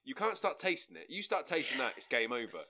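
A man's voice: mid-range voice, sing-song, fast talker, bright, forceful tone. A man co-hosting a podcast, chatting casually in a rambling, sweary way. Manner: rambling, sweary, restarts sentences. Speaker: podcast co-host. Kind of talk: casual chat.

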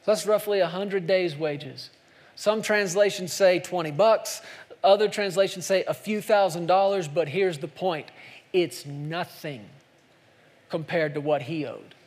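A man preaching a sermon with passion, dropping to hushed lines and then climbing loud. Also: high-pitched, a little slow. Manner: impassioned, swings between soft hushed lines and loud climbs. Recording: long hall reverb.

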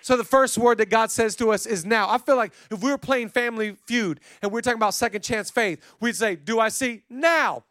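Male pastor, high voice, dry close sound; sermon delivery that drops soft then builds to loud emphatic calls. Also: fairly quick, hardly any pauses, no room sound. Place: church stage.

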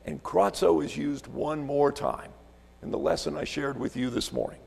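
A man's voice: a little high, moderate pace, gravelly, darkish tone, husky, long reverb tail. A man preaching a sermon as a visiting pastor from Alaska, telling stories, repeating words and asking rhetorical questions in a church sanctuary.

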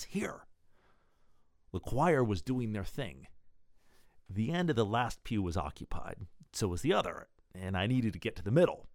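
A man's voice: lowish voice, no echo, studio quality. A man hosting a show, reading a wry, pun-loving column and a serial story. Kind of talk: scripted column and serial narration.

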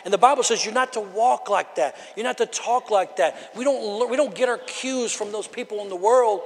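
A man preaches to his congregation in an easy, storytelling way, now and then climbing into loud exhortations. His voice sits high for a man. The sound rings with the long reverb of a church hall. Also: brisk, slight background noise. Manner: conversational preaching with rising shouted bursts. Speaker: pastor. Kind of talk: sermon. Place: church sanctuary.

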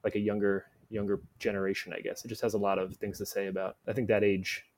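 A man's voice: lowish voice, little pitch movement, quick pace, darkish tone. A man speaking as a guest film critic in a casual podcast conversation, rambling with lots of "like" fillers.

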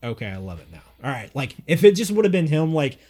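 A man co-hosting a casual podcast, talking excitedly with frequent swearing and laughter. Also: a little high, fast talker. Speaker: podcast co-host. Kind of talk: casual chat.

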